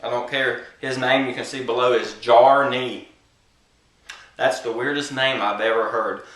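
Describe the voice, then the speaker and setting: A man doing a comedic vlog monologue to camera, boastful and brash, with drawn-out pauses. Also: medium pitch, steady tone, a bit bright, roomy sound. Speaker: comedic vlogger.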